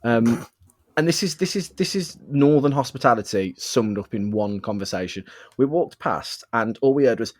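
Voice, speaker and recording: A man's voice: mid-range voice, normal speed, no echo. A man in casual podcast chat who tells stories with energy and laughs often. His voice sits mid-range, and the sound is dry with no room around it. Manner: animated storyteller, laughs a lot. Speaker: podcast co-host. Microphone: webcam.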